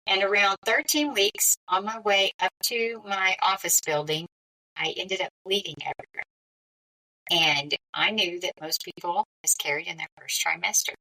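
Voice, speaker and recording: A middle-aged woman, a podcast guest, telling a personal story in a lively, conversational way. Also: mid-range voice, moderate pace, distant mic, low-quality recording. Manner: lively, conversational, with frequent quoted dialogue.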